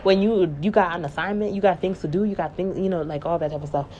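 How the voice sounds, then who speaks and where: A woman's voice: fairly low pitch, fairly even intonation, quick pace, darkish tone, lo-fi sound, slight background noise. A woman in a casual spiritual monologue, rambling and emphatic, often repeating herself.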